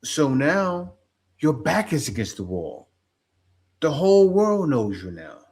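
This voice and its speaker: A man from the United States holds forth in a reaction commentary, slow and deliberate, his voice sitting a bit high. He repeats himself for emphasis and keeps asking rhetorical questions. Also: big pitch swings, darkish tone. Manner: preachy, repetitive, rhetorical. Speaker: commentary host.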